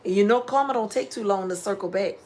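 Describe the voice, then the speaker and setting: A middle-aged woman vlogger chatting casually on a live stream, reading viewer comments and giving preachy, animated life advice. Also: medium pitch, fast, slight background noise. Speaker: home DIY vlogger.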